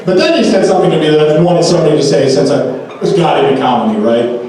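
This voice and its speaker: A man's voice: on the high side, fast talker. A man doing a stand-up comedy set, telling stories with bursts of energy. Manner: energetic storytelling. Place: comedy club stage. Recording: echoey room from far mic, loud crowd and noise.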